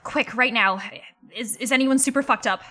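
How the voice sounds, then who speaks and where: A woman playing a tabletop game, planning her character's moves out loud in casual talk. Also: on the high side, normal speed. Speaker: player.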